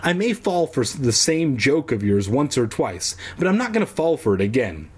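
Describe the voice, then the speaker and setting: A man reading aloud, voicing a sharp-tongued young girl who scolds her brother. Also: mid-range voice, sing-song, moderate pace, breathy edge. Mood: scolding. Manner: snappy, scolding.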